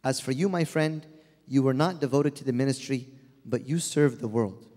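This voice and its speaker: A man voicing a gentle male angel who patiently reasons and consoles. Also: medium pitch, moderate pace, natural voice. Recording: long hall reverb.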